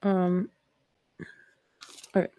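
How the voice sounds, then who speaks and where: A woman's voice: extremely slow, warm tone, no room sound. A Canadian woman hosting a live stream, chatting casually with viewers in a rambling, reflective way before reading scripture aloud.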